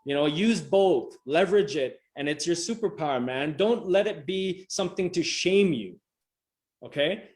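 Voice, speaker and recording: A man's voice: fairly high pitch, lively intonation, normal speed. A middle-aged man giving a motivational coaching talk over a video call, emphatic and repetitive, casual and swearing freely. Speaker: motivational coach presenting a session. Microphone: video call microphone.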